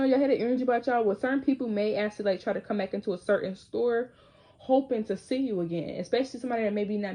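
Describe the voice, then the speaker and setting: Mellow-voiced young woman doing a tarot reading. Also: fairly high pitch. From Michigan, US. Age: 20s. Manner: chatty and loose, slangy, sings snatches of lyrics. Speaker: tarot reader.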